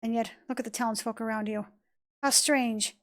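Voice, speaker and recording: A woman voicing a mysterious, calm young boy from a game cutscene, speaking in a soft, measured, cryptic way. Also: fairly high pitch, lightly acted. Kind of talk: reading game cutscene lines aloud.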